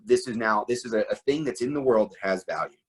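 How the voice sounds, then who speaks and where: A man's voice: on the low side, fast talker, breathy edge, poor audio. A middle-aged man talking animatedly as an interview guest, full of asides and rhetorical questions. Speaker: interview guest, firearms trainer.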